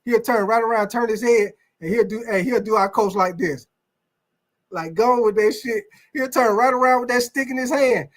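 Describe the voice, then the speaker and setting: This man's voice is extremely high-pitched, though he talks at a normal speed. As host of a casual sports talk stream, he rambles, cusses, responds to chat, and refers to his viewers as y'all.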